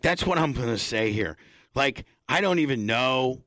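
A man's voice: medium pitch, lively intonation, moderate pace, fairly bright tone, no room sound. A man hosting a podcast, talking bluntly and cursing often as he scolds his co-host. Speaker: radio show host. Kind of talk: heated casual podcast talk.

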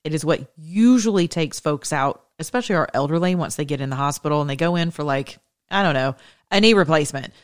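A middle-aged American woman talking casually to her audience, telling an animated story full of quick asides and self-corrections. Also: sits low. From United States. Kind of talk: casual monologue.

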